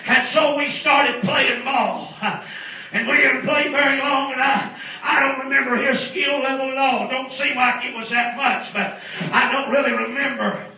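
A middle-aged man preaching a sermon as a story, exuberant, laughing often and breaking into shouted praise. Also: very high-pitched, fairly even intonation, normal speed. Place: large church hall. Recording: echoey church, distant mic, congregation. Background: congregation responding.

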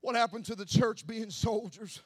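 A man preaching a sermon who swings between hushed asides and shouted, sing-song preaching cadence. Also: high voice, normal speed, husky, no echo. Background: faint music from an accompanist.

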